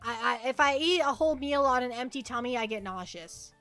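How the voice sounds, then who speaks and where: A young woman chats on a livestream in a bright, fairly high voice, rambling and stumbling over repeated words as she answers her viewers. Faint music plays behind her. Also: animated, brisk. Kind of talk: casual chat with live chat.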